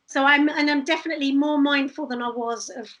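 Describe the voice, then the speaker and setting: High-voiced woman telling stories. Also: fairly quick, rough recording. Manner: animated, laughing storyteller. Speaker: street performer guest. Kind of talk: casual interview storytelling.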